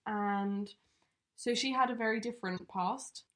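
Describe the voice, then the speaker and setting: A woman's voice: medium pitch, unhurried, fairly bright tone. A woman co-hosting a true-crime podcast, telling the case in a loose, chatty way with lots of fillers. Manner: chatty, many fillers like um and you know. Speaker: podcast co-host presenting the case.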